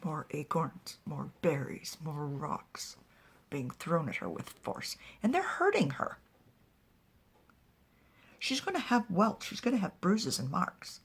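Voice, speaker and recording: A woman telling a serialized story in soft, hushed, half-whispered narration. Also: deep voice, big pitch swings, slow, slightly rough.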